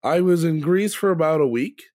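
A man's voice: a little high, expressive, normal speed, a little mellow, no echo. A man from Canada, a podcast guest chatting casually with dry, teasing humor. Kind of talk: casual chat.

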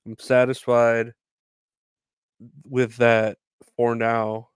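A man's voice: mid-range voice, completely flat delivery, very slow, clean tone, no room sound. Rambling, swearing young man with a dry close mic. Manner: rambling, profane, self-deprecating. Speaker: podcast host. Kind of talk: casual news rant.

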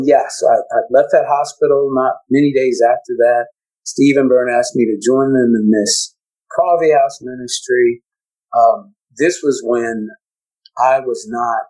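A man shares a personal testimony on a podcast in a mellow, warm tone. He speaks haltingly and with feeling, stumbling over and repeating words as he goes. His pitch sits in an ordinary middle range. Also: rough recording. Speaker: podcast guest.

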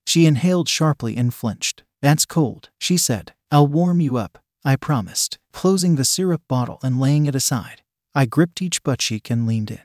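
A man reading a first-person adult story aloud in a steady, deliberate way. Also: medium pitch, dry recording, studio quality. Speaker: narrator.

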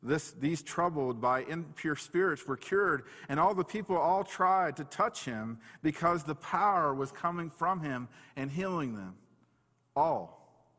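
A man's voice: on the high side, lively intonation, a little slow, fairly bright tone. A man preaching a sermon, reading scripture aloud and explaining it in an earnest, emphatic way, often repeating key words. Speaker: pastor. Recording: long hall reverb.

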